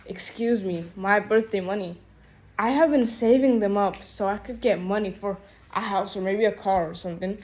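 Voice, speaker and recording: A woman's voice: medium pitch, moderate pace, a little mellow. A woman telling a rambling, exasperated storytime rant, full of "like" and "bro" fillers. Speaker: vlogger.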